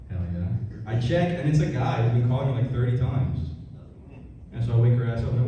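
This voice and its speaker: A man's voice: medium pitch, expressive, brisk, warm tone. A young man performing a stand-up comedy set, telling stories casually and with lots of swearing. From Mexican heritage. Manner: profane, conversational storytelling. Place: comedy club stage with a laughing crowd. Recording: echoey, distant, noisy club recording.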